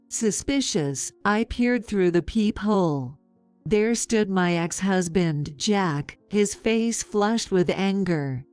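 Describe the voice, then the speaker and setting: A woman in her fifties narrating a story in a calm, measured, sarcastic way. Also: medium pitch, clean tone, faint music behind.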